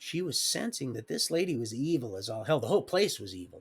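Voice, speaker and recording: A man telling a rambling personal story on a livestream, animated, swinging between loud outbursts and quiet asides and acting out what others said. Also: a little high, quick pace, creaky, hardly any pauses, husky. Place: home livestream setup.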